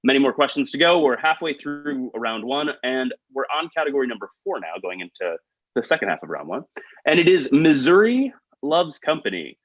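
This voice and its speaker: A man hosting a trivia game over a video call, reading questions with quick joking asides. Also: mid-range voice, big pitch swings, dry recording. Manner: upbeat, quick asides, chuckles at own jokes. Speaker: trivia quiz host. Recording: dull, lo-fi video call audio.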